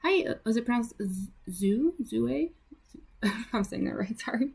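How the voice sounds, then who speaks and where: A woman's voice: on the high side, animated, unhurried, gravelly, darkish tone, breathy edge. A young woman streaming live as she draws, chatting casually with viewers, full of fillers and little laughs. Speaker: livestreaming artist. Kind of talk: casual livestream chat.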